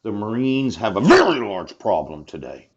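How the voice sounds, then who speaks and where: A man with a lowish voice talks in a long, rambling monologue, breaking in with short laughs and a steady string of "yes" and "mm-hmm." He sounds American. The recording is dull and lo-fi. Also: normal speed. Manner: punctuates phrases with laughs and repeated "yes". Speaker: self-recorded speaker addressing officials.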